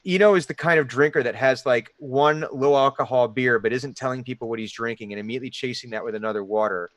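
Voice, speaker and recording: A man runs a tabletop game and narrates the scene in a loose, rambling way. His voice is mid-pitched and sits in a dry, close recording. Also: fast, a bit bright, dry recording. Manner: rambling, with many fillers. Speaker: game master.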